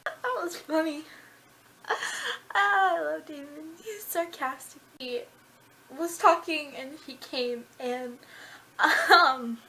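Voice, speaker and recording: A woman's voice: high voice, slow pace, pushed and bright. A young woman reviewing a book in a casual vlog, bubbly and gushing with lots of filler words. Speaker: book vlogger.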